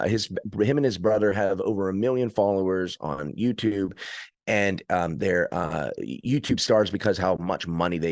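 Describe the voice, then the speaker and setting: A man with a low-pitched voice tells rambling, animated stories in a casual podcast chat. He often restarts his sentences. The sound is dry and close, with no room echo. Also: creaky. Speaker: arm wrestler and trainer, podcast guest.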